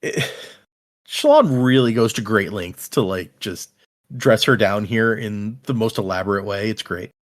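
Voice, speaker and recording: A man's voice: fairly low pitch, measured pace. A man co-hosting a podcast, retelling a book's scenes in casual chat, full of "like" fillers. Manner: animated retelling, frequent "like" fillers. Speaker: podcast co-host. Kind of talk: casual book discussion chat.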